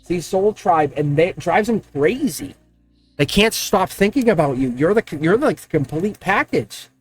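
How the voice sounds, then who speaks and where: A man giving a casual, rambling tarot reading, talking excitedly and directly to the viewer. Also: high voice, moderate pace, slightly rough, faint music behind. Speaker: tarot card reader.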